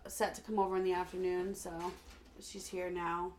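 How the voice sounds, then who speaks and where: A woman's voice: lowish voice, little pitch movement, normal speed, slight background noise. A woman co-hosting a casual podcast chat, teasing her friend with blunt banter. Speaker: podcast co-host.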